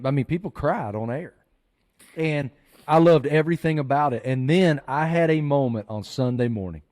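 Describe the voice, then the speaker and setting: A man hosting a podcast, telling a story in an earnest, animated way. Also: mid-range voice. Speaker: podcast host. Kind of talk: storytelling chat.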